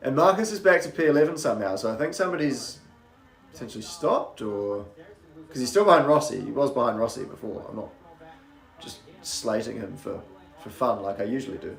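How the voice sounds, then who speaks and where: Man, faint new zealand accent, casual race commentary, rambling cheeky asides, mid-pitched voice, roomy echo. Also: lively intonation, a little fast, gravelly, faint music behind. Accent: faint New Zealand, mostly anglicized toward British.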